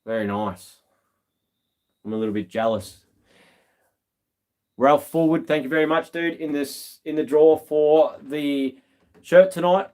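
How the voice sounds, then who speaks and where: A man's voice: a little high, measured pace, pauses often, warm tone. An Australian man hosting a live stream, telling stories in a laid-back, slangy way with lots of ums. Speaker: livestream host. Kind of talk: casual live-stream chat.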